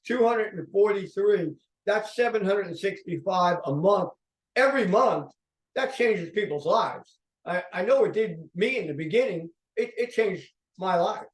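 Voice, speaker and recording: A man with a high voice gives an energetic sales pitch to a room. He keeps checking in with his listeners. His voice sounds distant and echoey. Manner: upbeat pitching, checks in with "okay?". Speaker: company founder presenting. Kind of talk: sales presentation.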